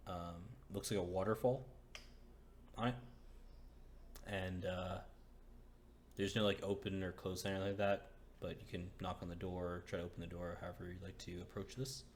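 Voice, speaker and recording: A man's voice: sits low, slight background noise. A man narrating as game master of a tabletop game, hesitant with many fillers.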